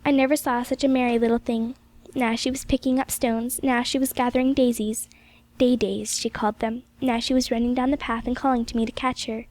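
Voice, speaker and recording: A woman reading a classic novel aloud as an audiobook, in gentle, measured storytelling narration. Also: fairly high pitch, little pitch movement. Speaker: audiobook reader.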